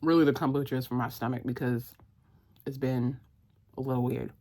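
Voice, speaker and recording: A woman's voice: extremely low pitch, fairly even intonation, a little fast, darkish tone. A woman vlogging casually, chatty and laughing, who breaks off to tease her dog in a playful scolding voice;. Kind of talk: casual vlog chat.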